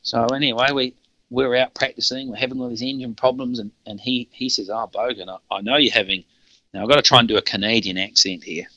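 A man's voice: mid-range voice, steady tone, fast talker, pushed and bright, highs cut off. A middle-aged New Zealand man with a New Zealand accent, telling stories casually as a podcast guest, rambling and laughing with frequent restarts. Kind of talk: casual storytelling.

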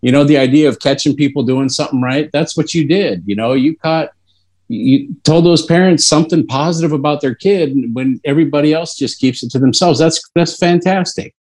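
A middle-aged man in casual chat, speaking in a measured, reflective way. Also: fairly high pitch, darkish tone.

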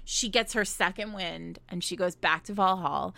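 A woman co-hosting a podcast, telling a book's plot in animated, casual chat and swearing freely. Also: lowish voice, moderate pace, vocal fry, no room sound. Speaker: podcast co-host. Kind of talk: casual chat, recapping a book.

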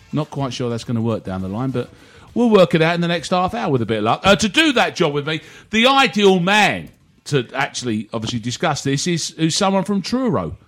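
A man's voice: fairly high pitch, fairly bright tone. A man hosting a casual football chat, rambling and jokey with many restarts. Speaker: podcast host.

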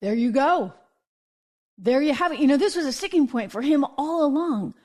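A woman hosting an opinionated political commentary show, chatty and sarcastic, with quick asides and self-corrections. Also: high-pitched, lively intonation, darkish tone.

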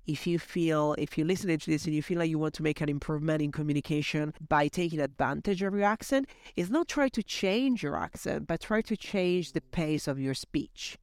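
A man's voice: a little high, no echo. A man from Italy with an Italian accent, co-hosting a podcast and giving emphatic advice in casual conversation. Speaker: podcast co-host.

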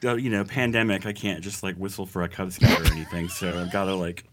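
A man's voice: sits low, fairly even intonation, fast talker, a bit bright. A man co-hosting a podcast and musician, chatting in a wry, rambling way. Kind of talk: casual podcast chat.

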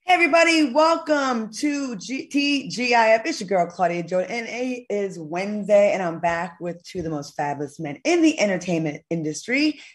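A woman in her forties hosting a casual talk show, lively and chatty, laughing easily. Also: medium pitch, normal speed, hardly any pauses. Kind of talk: casual chat.

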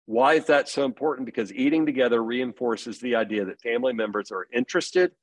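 A man's voice: mid-range voice, a little fast, no room sound. Earnest middle-aged man telling stories. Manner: earnest storytelling. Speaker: podcast guest on parenting. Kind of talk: casual conversation.

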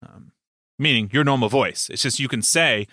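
A man who hosts a podcast and runs tabletop games, chatting casually in an animated way and laughing often. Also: mid-range voice, moderate pace, dry recording, studio quality. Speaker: game master and podcast host. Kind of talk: casual chat.

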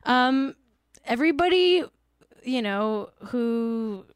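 A woman's voice: on the high side, animated, takes it slowly, clear, resonant tone, no room sound, studio quality. A woman hosting a show, talking casually with exasperation, swearing often and filling her speech with "like". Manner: exasperated, swears a lot, many "like" fillers. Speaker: podcast host. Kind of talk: casual commentary.

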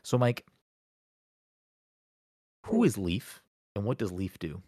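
A man's voice: fairly low pitch, sing-song, takes it slowly, dark tone, no room sound, clean studio sound. A man hosting a casual podcast chat, playfully quizzing a friend and teasing him. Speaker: podcast host.

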